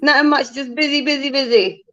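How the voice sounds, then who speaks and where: A woman, a guest on a casual livestream. She talks in an easygoing, smooth and laid-back way. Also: high-pitched, fairly even intonation, fairly quick, pushed and bright, highs cut off.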